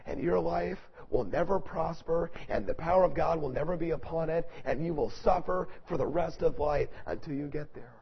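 Gravelly preacher guy, kinda husky, loud then hushed, dull lo-fi sound. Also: fairly high pitch, normal speed, hardly any pauses. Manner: swings from loud preaching to soft, hushed storytelling. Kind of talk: sermon.

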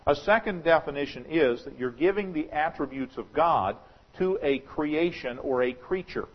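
A pastor delivers an expository sermon, working through a scripture passage in a conversational, speculative way and slowing down to stress quoted verses. His voice is a little high with lively intonation, and the sound is lo-fi.

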